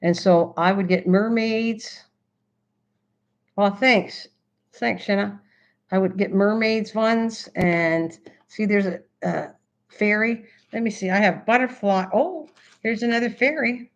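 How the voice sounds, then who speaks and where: A woman hosting a casual craft livestream, chatting excitedly and answering her chat as she goes. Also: medium pitch, takes it slowly. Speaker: livestream host. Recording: slightly dull lo-fi stream audio.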